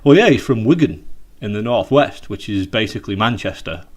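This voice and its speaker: Brief: British man, low-pitched voice, loose and rambling, swears freely, stop-start delivery. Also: animated, brisk, breathy edge. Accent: British English. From United Kingdom. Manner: rambling, sweary, with many fillers and restarts. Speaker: podcast co-host. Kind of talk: casual chat. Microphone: video call.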